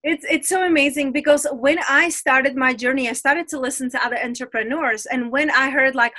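Czech-accented woman guest, high bright voice, eager and chatty, trips over her own words a bit. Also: a little fast. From Czech Republic. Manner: enthusiastic, talks in a rush with restarts. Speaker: guest, women's transformational coach. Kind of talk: casual chat.

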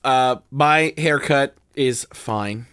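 A tired man co-hosting a comedy podcast, rambling through a story, his voice jumping up and down in pitch and loudness. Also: very slow, clear, resonant tone, no echo. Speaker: podcast co-host.

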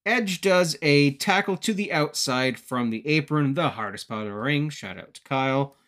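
A man's voice: a little high, animated, normal speed, fairly bright tone. A man from Canada giving a joking, casual wrestling recap as a podcast host. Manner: joking, chatty.

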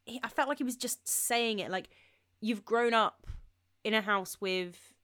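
A woman's voice: a little high, measured pace, fairly bright tone, no echo, clean studio sound. A young woman of twenty-one chatting casually on a podcast, giggly and slangy. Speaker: podcast co-host. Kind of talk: casual chat.

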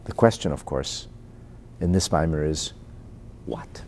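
A man's voice: rumbling low, unhurried, darkish tone, a little hiss or hum. A man teaching Torah and explaining a Chassidic discourse. He reads out Hebrew phrases, translates them into English, asks rhetorical questions and chuckles between points.

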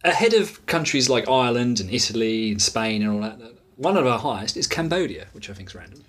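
A woman's voice: very deep voice, lively intonation, a little fast, breathy edge. A woman co-hosting a podcast in casual chat, teasing and steering the talk. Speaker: podcast co-host.

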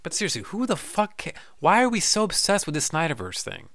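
Casting: male podcast host, solo rant, bright clear tone, dry close sound. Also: on the high side, wildly swooping pitch, fairly quick, no room sound. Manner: loose, profane, joking, breaks into goofy voices. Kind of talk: solo podcast rant, reading listener messages.

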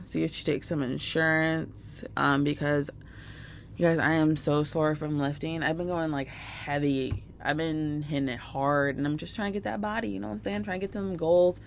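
A woman's voice: deep voice, creaky, a little hiss or hum. A woman, a mother, chatting casually to her viewers in a rambling way, full of "like" and "you guys". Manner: rambling, filler-heavy, lots of "like" and "you guys". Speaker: mother sharing business contacts with viewers. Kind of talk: casual chat to camera.

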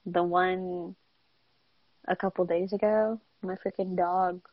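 A woman's voice: on the low side, flat delivery, slow, no echo. Young woman, podcast co-host, casual chat, self-mocking, laughs a lot, dry, dull lo-fi.

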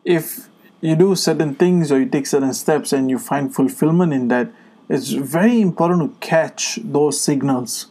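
A man's voice: on the high side, normal speed, warm tone. A man co-hosting a podcast in casual chat, speaking earnestly with many fillers and restarts. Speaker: podcast co-host.

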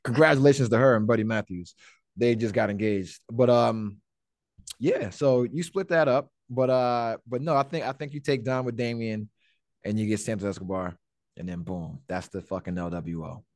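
A man's voice: mid-range voice, moderate pace, no room sound. Male podcast host, loose joking delivery with swearing, dry recording. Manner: profane, rambling, joking. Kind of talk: casual wrestling chat.

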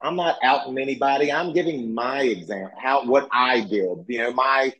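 A man's voice: medium pitch, moderate pace, fairly bright tone. A man with a Virginia accent, a guest on a video call chatting casually, rambling and restarting his sentences. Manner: rambling, self-correcting, emphatic. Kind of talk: casual chat. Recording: dull lo-fi video call audio.

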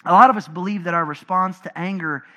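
Male pastor, high bright voice, lively sermon delivery with big swings in volume. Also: fast talker. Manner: animated preaching, swinging from loud emphatic to low and quiet.

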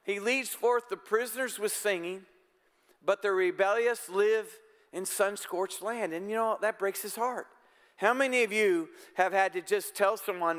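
A man's voice: sits high, measured pace, a bit bright. Man, preacher, resonant voice, casual earnest sermon, echoing church hall. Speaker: pastor. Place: church sanctuary. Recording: long church-hall reverb.

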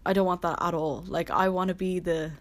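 A woman's voice: fairly low pitch, fairly even intonation, brisk. A woman in her early twenties talking casually and earnestly as a solo host, rambling with constant "like" fillers. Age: 20s. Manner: rambling, heavy use of "like", earnest. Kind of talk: casual solo podcast chat. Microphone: laptop.

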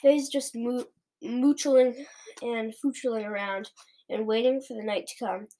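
Woman doing a big friendly giant, earnest and gentle, jumbled grammar, storybook reading, fairly high voice. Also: steady tone, unhurried, lightly acted. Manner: mangles words, gentle and earnest. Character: big kindly male giant, muddled grammar. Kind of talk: storybook read-aloud.

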